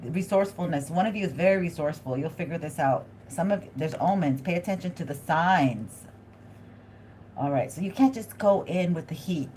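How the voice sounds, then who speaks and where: A woman hosting a live tarot reading, thinking aloud in a chatty, excitable way and talking straight to her viewers. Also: low voice, slight background noise. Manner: addresses viewers directly.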